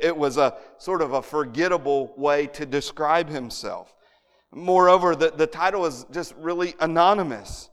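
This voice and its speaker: Earnest male preacher in a reverberant hall. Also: fairly high pitch. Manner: earnest, frequently repeats words as he restarts. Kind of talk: expository sermon.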